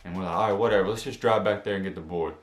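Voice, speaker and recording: A young man telling a spooky personal story as a vlogger. He talks in casual slang, going from hushed to loud and excited. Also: sits low, rapid-fire, reverberant, a little hiss or hum. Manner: animated storytelling, slang-heavy, jumps from hushed to shouting. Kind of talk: story time vlog. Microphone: camera mic.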